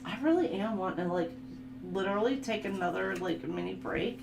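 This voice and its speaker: A tarot reader with a gravelly, creaky, mid-range voice talks a little fast through an oracle card reading. She is relaxed and chatty, reads the card text aloud, and often laughs, in an echoey room with a steady hum underneath.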